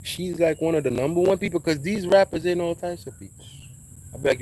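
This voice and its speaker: Casting: New man, preachy street-wise advice, emphatic with low asides, faint outdoor insect noise. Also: fairly quick, a little mellow, low-quality recording. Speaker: vlogger giving advice. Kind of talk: casual spoken monologue.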